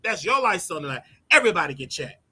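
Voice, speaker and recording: Blunt high-voiced man ranting advice. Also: sing-song, fast, pushed and bright, breathy edge. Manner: blunt, preachy, repeats his points for emphasis. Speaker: show host. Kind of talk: casual advice rant.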